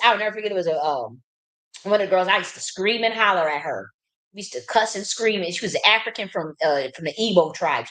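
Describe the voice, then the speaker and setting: A woman in her thirties from the United States, telling a long casual story in a blunt, profane and animated way, with many restarts. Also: on the low side, low-quality recording. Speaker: host.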